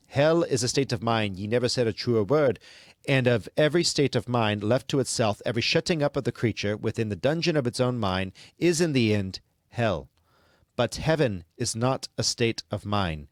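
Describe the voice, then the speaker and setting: A man's voice: medium pitch, expressive, normal speed, no echo, close to an everyday voice. Stern old scottish guide type lecturing, dry close sound, man doing the voice. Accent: attempted Scottish. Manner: stern, instructive. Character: stern older male Scottish spiritual guide.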